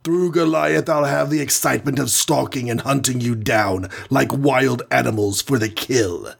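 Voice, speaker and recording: A man voicing a cruel, mocking alien villain in a storybook reading, with a husky voice. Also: mid-range voice, normal speed. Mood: gloating. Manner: commanding, mocking. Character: sinister alien male villain, gloating and cruel.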